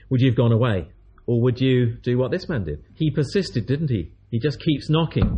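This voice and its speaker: A man's voice: medium pitch, moderate pace, warm tone, lo-fi sound, slight background noise. A man preaching a sermon, telling a story in a chatty way and acting out the voices of its people.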